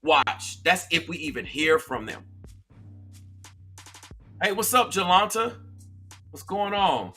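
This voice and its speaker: This commentary host's voice is high-pitched, bright, and forceful, with a sing-song lilt; he takes it slowly with long pauses. Talking directly to live-stream viewers and reading chat, he's conversational yet emphatic, repetitive, and preachy, with soft music behind him.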